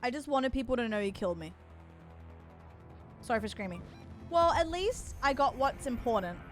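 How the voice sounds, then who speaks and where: Young woman streamer chatting to chat mid game, kinda high voice, swears a lot, music faint in the back. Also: expressive, moderate pace. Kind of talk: casual gaming stream chat.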